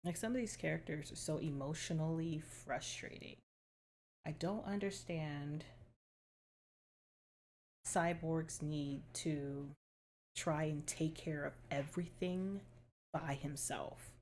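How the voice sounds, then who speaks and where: A woman's voice: sits low, slow pace, pauses often, a little mellow, a little hiss or hum. A woman hosting a reaction video, talking casually and bluntly with lots of exasperation and swearing.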